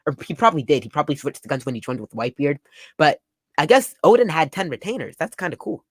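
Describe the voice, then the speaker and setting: A young man reading and reacting to a comic chapter in casual talk, excitable and full of "like". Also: a little high, fast talker, breathy edge, no room sound. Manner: excitable, summarizing panels with frequent "like". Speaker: manga reaction youtuber.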